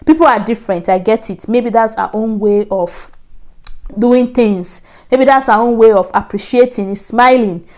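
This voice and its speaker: A woman's voice: a little high, moderate pace, darkish tone. A young woman telling a personal story to camera in a chatty, repetitive way. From Nigeria. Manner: chatty, repetitive, laughing asides. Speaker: vlogger.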